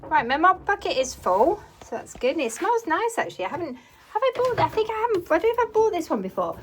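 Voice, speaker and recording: A woman from England chatting to viewers as she cleans her farmhouse, slightly out of breath and hoarse from talking. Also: extremely high pitch, very animated, fast, background noise. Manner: chatty, talks to viewers while working, trails off and restarts. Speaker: cleaning vlogger. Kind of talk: casual chat while cleaning. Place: farmhouse kitchen and utility room, indoors.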